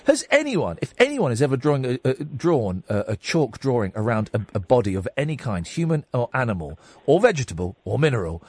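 A man hosting a radio show, telling a story in a jokey, animated way from a studio microphone. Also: medium pitch, a little fast, few pauses, husky. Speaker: radio host. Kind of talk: casual radio chat.

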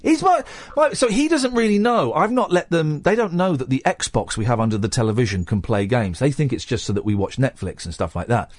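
Animated, quick-talking middle-aged man. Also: mid-range voice, no echo. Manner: chatty, animated storytelling, laughs easily. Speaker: radio host. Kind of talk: casual radio chat. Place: radio studio. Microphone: studio microphone.

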